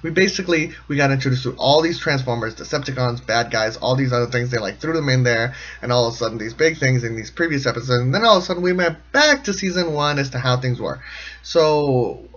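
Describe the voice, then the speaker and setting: A man talks through a cartoon episode in a loose, comedic commentary style. He rambles, restarts his thoughts and laughs in the middle of sentences. His mid-pitched voice comes through a slightly muffled, lo-fi home recording. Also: expressive, quick pace, a bit bright. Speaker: show commentator.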